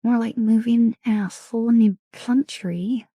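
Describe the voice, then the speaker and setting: A young woman hosting a live stream in whispered role-play, talking softly and affectionately, often dropping into a whisper. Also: on the high side, fairly even intonation, takes it slowly, dry recording, studio quality. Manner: soft, affectionate, alternating whisper and quiet voice. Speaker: streamer host.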